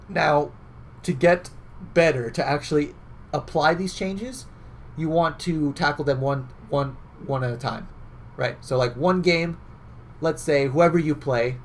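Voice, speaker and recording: A man's voice: mid-range voice, slight background noise. A young man giving casual game coaching, chatty and loose, often tagging on "right?" and fillers. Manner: conversational, filler-heavy, repeats "right?".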